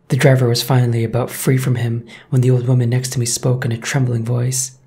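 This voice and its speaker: A man narrating a first-person horror story in a measured, suspenseful way. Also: mid-range voice, completely flat delivery, gravelly, warm tone.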